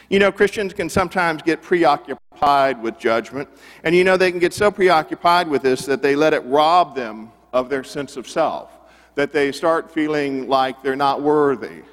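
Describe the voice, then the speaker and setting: A middle-aged man preaching a sermon, conversational and animated, full of rhetorical questions. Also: medium pitch, long reverb tail. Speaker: pastor.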